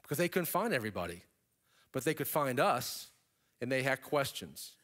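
A middle-aged man giving a keynote talk, telling a story in a lively way and turning to the audience with casual asides. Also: normal speed. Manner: animated storyteller, pitch jumping up for emphasis. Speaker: keynote speaker. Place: stage before an audience.

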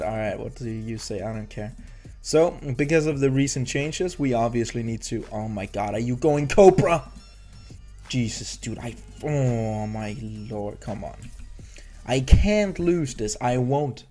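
A man's voice: medium pitch, dark tone. A young man giving casual, nervous, rambling commentary over his own gameplay, often restarting his sentences. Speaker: gaming YouTuber.

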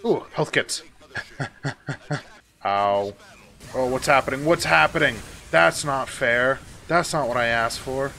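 A man's voice: mid-range voice, takes it slowly, creaky, pushed and bright. A man giving casual let's-play commentary, exasperated and swearing often as he talks back at the game. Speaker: gaming YouTuber.

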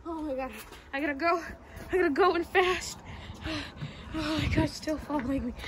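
A woman's voice: high-pitched, moderate pace, background noise, lightly acted. A woman voicing a jittery male purple pirate fox in a game role-play, whiny, exasperated and out of breath. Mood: panicked.

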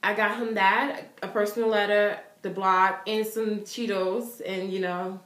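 A young woman vlogging, telling a story in an excited, chatty way, with lots of "like" fillers. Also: mid-range voice, measured pace, reverberant. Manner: animated, chatty, full of "like" fillers.

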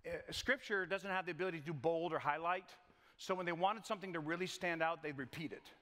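A man's voice: fairly high pitch, fast talker, fairly bright tone. A male pastor preaching a conversational sermon in a church, with folksy joking asides and frequent repeated words. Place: church sanctuary. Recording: long church reverb.

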